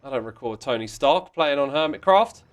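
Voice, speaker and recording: A man's voice: mid-range voice, animated, normal speed, clear, resonant tone, faint music behind. A man hosting a game livestream in casual chat, reading out viewer messages in a playful, mock-indignant way with sudden exclamations. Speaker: livestream host playing a block-building game.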